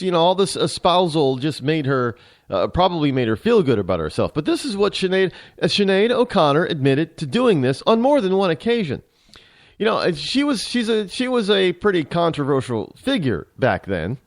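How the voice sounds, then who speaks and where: A male radio host rants through an opinion monologue, sarcastic and rambling, often restarting his sentences. His voice sits a bit high and swings up and down a great deal. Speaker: radio talk show host.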